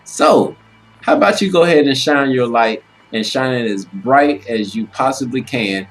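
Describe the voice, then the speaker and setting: A man's voice: medium pitch, lively intonation, moderate pace, faint music behind, low-quality recording. A man co-hosting a casual relationship advice chat, talking in a motivational, preachy way and repeating lines for emphasis.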